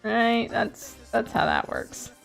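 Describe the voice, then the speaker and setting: A woman's voice: a little high, slow pace, creaky, faint music behind. A young woman chatting casually while she draws on stream, rambling and playful, laughing often and swearing freely. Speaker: streamer and digital artist.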